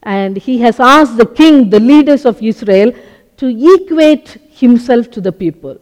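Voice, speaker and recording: Slow high-voiced preacher in a hall. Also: male voice, animated. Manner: slow, deliberate teaching with many short pauses. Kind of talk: sermon. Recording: long hall reverb.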